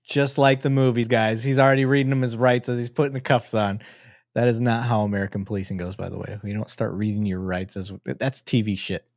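A man's voice: lowish voice, fairly even intonation, brisk, no room sound, clean studio sound. A man hosting a live stream and commenting casually on video footage, joking and swearing freely. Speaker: host.

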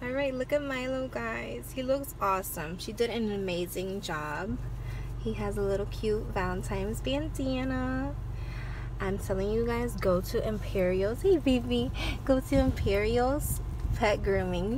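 A woman's voice: fairly high pitch, a little slow, noisy background. A woman chatting casually to camera in a vlog, gushing over her dog, recorded on a phone in a car and outside. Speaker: vlogger. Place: in a car and outdoors.

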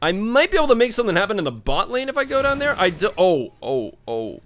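Man, excitable gameplay commentary, high voice, bright tone, faint background hiss, swears and laughs. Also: fast. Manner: excitable, swings from muttering to yelling. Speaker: gaming YouTuber.

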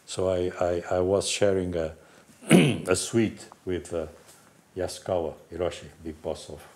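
An older man from Portugal with a Portuguese accent, animatedly telling racing anecdotes in halting, restarting speech. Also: deep voice, a little mellow. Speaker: guest storyteller, former racing team manager.

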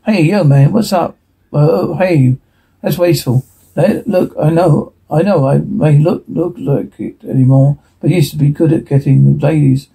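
A man reading a TV episode transcript aloud in a hurried way, stumbling and restarting words now and then. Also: a little high, gravelly, dark tone, slightly rough, rough recording. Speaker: reader.

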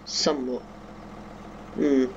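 A man's voice: mid-range voice, flat delivery, takes it slowly, lo-fi sound, slight background noise. A young man giving casual commentary while playing a farming game at home, chatting to viewers with self-mocking asides. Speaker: gaming YouTuber. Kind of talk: casual let's-play commentary. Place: home bedroom.

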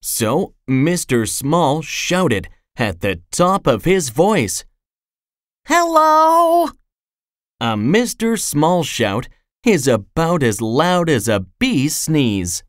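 A storyteller reading a children's storybook aloud in a slow, expressive way. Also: mid-range voice, no echo, studio quality. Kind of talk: scripted storybook narration.

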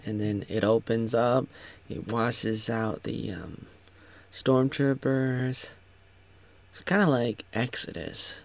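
A man with a lowish voice gives a slow, rambling recap. His tone is sarcastic, and he restarts often as he talks. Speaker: show recap commentator. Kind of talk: casual commentary.

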